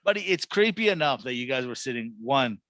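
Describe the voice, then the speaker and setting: A man's voice: mid-range voice, expressive, brisk, fairly bright tone, no echo. A man co-hosting a sports podcast, teasing and wisecracking through casual banter. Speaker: podcast co-host.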